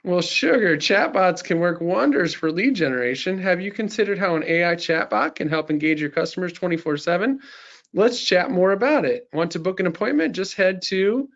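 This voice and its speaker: A syrupy Southern belle chatbot assistant, as a man puts her on, pitched up high and sweet-talking with every pet name in the book. Her voice comes through slightly muffled, like a screen recording. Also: lively intonation, normal speed, a bit bright. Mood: sugary sales pitch. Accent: put-on Southern US belle. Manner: sweet-talking, calls the user darling and sugar.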